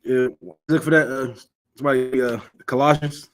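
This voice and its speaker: A man's voice: mid-range voice, steady tone, normal speed. Earnest man teaching religious law. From Michigan, US. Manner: earnest, exhortative, frequent restarts. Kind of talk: informal scripture teaching.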